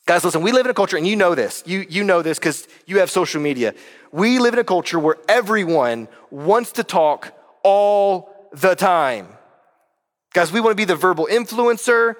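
A man's voice: sits high, expressive, normal speed, big-room sound. A middle-aged man preaching a conversational sermon in a church, emphatic and full of rhetorical questions. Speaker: pastor. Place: church sanctuary.

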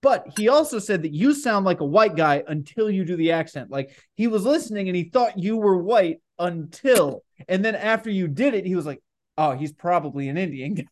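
A man's voice: high-pitched, animated, normal speed, hardly any pauses. A young man in his twenties co-hosting a podcast, chatting casually with a lot of swearing and laughing. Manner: laid-back, profane, laughs often. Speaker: podcast co-host.

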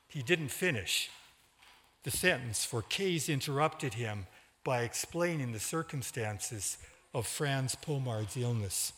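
A male storyteller reads aloud in a measured, dramatic manner at a very slow pace. His voice sits at a middle pitch. A long hall reverb follows his words. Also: fairly bright tone.

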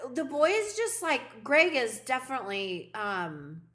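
A woman's voice: high-pitched, wildly swooping pitch, measured pace, fairly bright tone. A woman co-hosting a podcast, telling stories in casual chat and swearing freely. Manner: chatty storytelling, swears freely. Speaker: podcast co-host.

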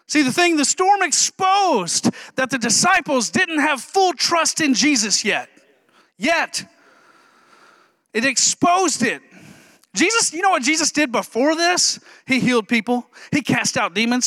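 A man pastor preaching a sermon in a lively, humorous way, joking with the congregation between points. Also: very high-pitched, unhurried, no echo.

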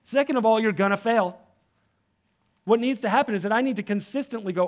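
A man preaching a sermon as pastor, animated, rising loud when fired up and dropping soft for prayers. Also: brisk. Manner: drops soft and low for prayers.

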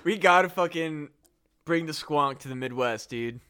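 A man's voice: fairly high pitch, normal speed, sharp tone, clear, resonant tone. A man co-hosting a comedy podcast, chatting casually, swearing a lot and laughing at his own jokes. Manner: profane, joking, laughs often. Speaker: podcast co-host. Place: Midwest US.

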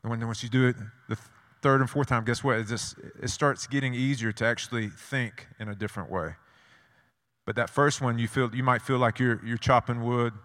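A man's voice: lowish voice, fairly bright tone. A man preaching a sermon, telling stories and driving points home with rhetorical questions and repeated phrases. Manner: storytelling with rhetorical questions and repetition. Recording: long hall reverb.

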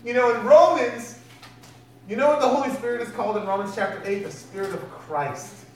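A man's voice: very high-pitched, a little fast. A man preaching a sermon in a conversational way, often putting questions to the congregation. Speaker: pastor. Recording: echoey hall from far off, faint noise.

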